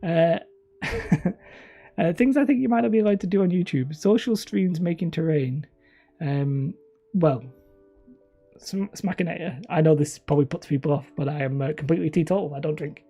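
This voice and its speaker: A woman's voice: deep voice, normal speed, long pauses, dark tone, slightly rough, highs cut off, faint music behind. A woman hosting a live stream, chatty and self-mocking, wandering off topic and sounding tired. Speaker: channel host streaming. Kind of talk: rambling live-stream chat.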